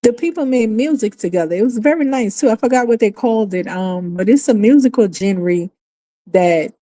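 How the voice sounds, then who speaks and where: A woman with a New Orleans accent holds forth on a casual livestream. She is emphatic and exasperated, and she swears freely. Her voice has a dark, mellow tone. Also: fairly high pitch, lively intonation, moderate pace. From New Orleans, USA. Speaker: livestream host. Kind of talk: casual opinionated livestream talk.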